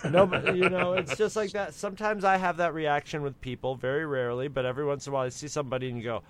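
A man's voice: a little high, steady tone, quick pace. A man chatting casually in a movie commentary, telling rambling, profane stories and laughing often.

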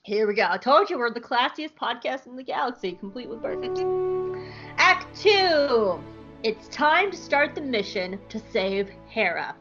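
A woman hosting a podcast, recapping an episode in an animated, profane, jokey way on a close mic. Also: on the high side, normal speed, muffled recording, soft background music. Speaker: podcast host.

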